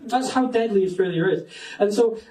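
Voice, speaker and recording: A man's voice: high-pitched, moderate pace, darkish tone, far from the mic. A Scottish man doing a stand-up set on a comedy club stage, rambling, self-mocking and sweary. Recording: roomy club sound from off-mic.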